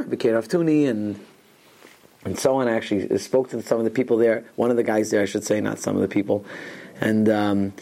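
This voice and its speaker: A man's voice: mid-range voice, darkish tone. A man teaching an informal Torah class to students, telling rambling stories sprinkled with Hebrew and Yiddish terms, often restarting his sentences. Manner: frequent restarts and asides.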